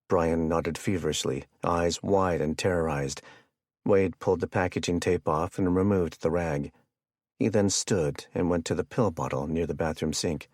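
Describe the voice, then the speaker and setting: Male audiobook narrator, deep voice, steady measured read, dry close sound. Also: dry recording. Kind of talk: scripted narration.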